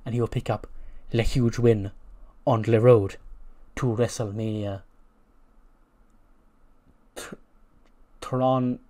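A man's voice: mid-range voice, fairly even intonation, slow, long pauses, dark tone, lightly acted. A man voicing a cocky, theatrical French wrestling mouthpiece with an over-the-top French accent. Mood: boastful.

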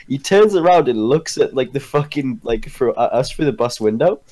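A man's voice: medium pitch, expressive, normal speed, a little mellow. A young man on a live stream, telling crude, swear-heavy stories to friends and laughing as he goes. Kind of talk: casual storytelling with friends.

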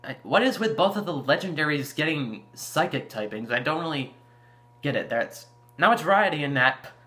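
A man's voice: on the high side, animated, moderate pace, bright, forceful tone. A man hosting his own gaming channel, chatting casually about a game trailer and rambling with fillers and restarts. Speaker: YouTube gaming channel host. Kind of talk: casual video commentary.

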